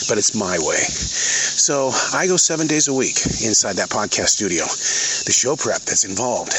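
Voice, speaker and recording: A man's voice: mid-range voice, fairly bright tone, slight background noise. A man telling wry, emphatic stories from his customer service job in a casual vlog, tired and sore. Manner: folksy, emphatic, wry storyteller. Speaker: podcaster and customer service worker.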